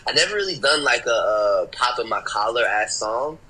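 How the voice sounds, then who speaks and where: Lively laid-back man, bright voice. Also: mid-range voice, normal speed, low-quality recording. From Chicago. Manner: laid-back, laughing, lots of fillers and slang. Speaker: guest musician. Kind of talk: casual interview chat.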